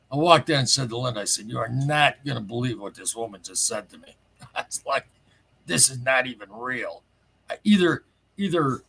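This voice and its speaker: A man calling in to a show, telling a strange story in a rambling, excitable way and swearing casually. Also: mid-range voice, creaky, breathy edge. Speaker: caller sharing a paranormal story.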